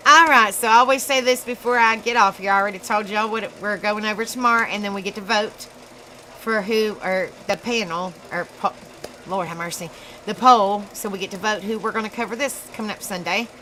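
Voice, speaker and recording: A woman with a Southern US accent hosting a casual live stream, chatty and laughing at herself often, in a dark room. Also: medium pitch, slight background noise, poor audio. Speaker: livestream host.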